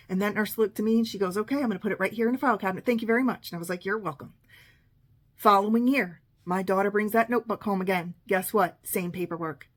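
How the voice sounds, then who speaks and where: Sarcastic middle-aged woman telling a story. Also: a little high. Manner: sarcastic, exasperated, quotes others in the story. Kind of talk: casual storytelling monologue.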